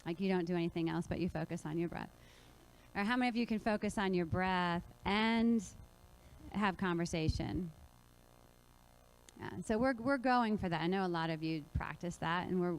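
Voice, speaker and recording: A woman presenting a kids yoga workshop at a conference, lively and putting questions to the audience. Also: lowish voice, a little fast, smooth, poor audio.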